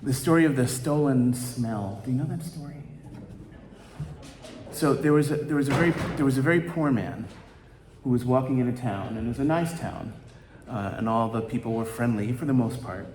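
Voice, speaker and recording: A man's voice: medium pitch, darkish tone, a little hiss or hum. Male pastor, sermon story, lots of ums, big echoey church hall. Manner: halting, many ums and uhs.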